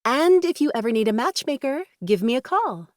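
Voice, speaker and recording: A woman doing a fussing, high-voiced young friend. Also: big pitch swings, normal speed, no room sound, studio quality. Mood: concerned.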